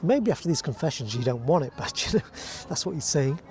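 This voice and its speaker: A man teaching how to phrase verse, explaining calmly and reading lines aloud slowly and deliberately. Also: on the high side. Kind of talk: verse-speaking lesson.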